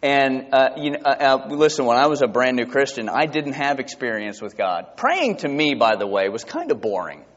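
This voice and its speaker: A male pastor preaching a sermon, emphatic, asking his congregation rhetorical questions and reading scripture slowly. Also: mid-range voice, sing-song. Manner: reads scripture slowly and deliberately. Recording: dull lo-fi recording with long hall reverb.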